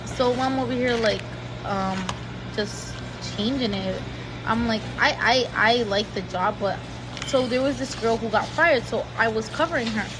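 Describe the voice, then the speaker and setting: A woman's voice: a little high, background noise. A woman telling a rambling story-time account in a frustrated voice, with many fillers. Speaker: storyteller in a clip.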